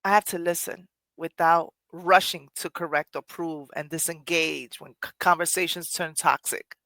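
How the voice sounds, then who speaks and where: A woman's voice: fairly low pitch, steady tone, moderate pace, fairly bright tone, dry recording. A middle-aged woman hosting a podcast, talking earnestly and candidly in a reflective personal way, sometimes laughing at herself. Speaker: podcast host.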